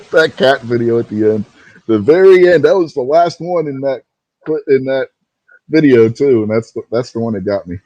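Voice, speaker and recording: A man's voice: medium pitch, lively intonation, moderate pace, dark tone, no room sound, lo-fi sound. A man co-hosting a casual wrestling talk show, rambling a little and laughing easily as he talks. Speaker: podcast co-host.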